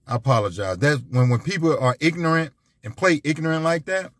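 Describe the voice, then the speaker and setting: A man's voice: a little high, fairly quick, no echo, studio quality. Emphatic man ranting. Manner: emphatic, repetitive, preachy. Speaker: vlogger. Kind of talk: casual ranting monologue.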